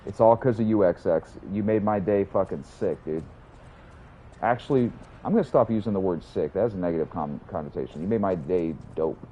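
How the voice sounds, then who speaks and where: A man's voice: sits low, fairly quick, warm tone, lo-fi sound, slight background noise. A young man chatting casually while livestreaming a game, rambling, swearing and answering his chat. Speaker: streamer.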